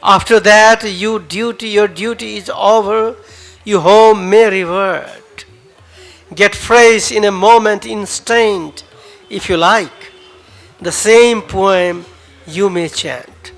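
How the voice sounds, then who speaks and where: A man with a Nepali accent performs spoken word poetry at a cafe open mic. His voice sits high and bright, and he delivers each line slowly and dramatically, repeating phrases for emphasis. Faint music plays in the background. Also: steady tone. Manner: dramatic, emotive recital with pauses and repeated lines.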